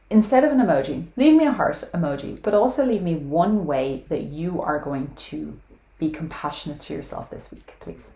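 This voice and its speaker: A woman's voice: sits low, mellow. A woman vlogging to camera, talking frankly and earnestly about self-compassion and weight loss, now and then swearing casually. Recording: echoey room.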